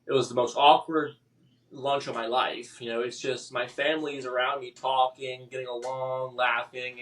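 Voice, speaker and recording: Male guest, mid-pitched, halting emotional storyteller, slightly distant mic. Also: a bit bright. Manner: halting, emotional, with many restarts and fillers. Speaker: podcast guest. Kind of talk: personal story in a podcast interview.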